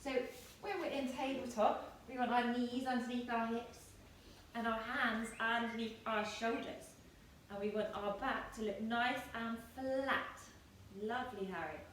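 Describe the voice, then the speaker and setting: A woman in her thirties teaching yoga to children, giving gentle, playful, encouraging instructions. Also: a little high, steady tone, measured pace. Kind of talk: guiding a kids' yoga class. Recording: echoey room, distant mic, faint noise.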